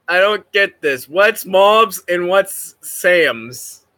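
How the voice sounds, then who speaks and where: Male streamer, high lively voice, giggly rambler, unhurried delivery. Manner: rambling and giggly, swears freely. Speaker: livestreamer. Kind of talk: casual stream chat.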